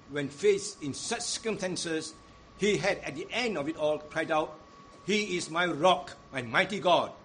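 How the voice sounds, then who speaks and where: A man's voice: on the high side, fairly bright tone, slight background noise. A man preaching a sermon, emphatic, with his voice rising and falling as he quotes scripture.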